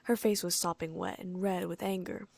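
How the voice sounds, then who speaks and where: A woman's voice: on the low side, fairly even intonation, moderate pace, gravelly, no room sound. A woman narrating a first-person story for an audiobook in a wry, plain reading.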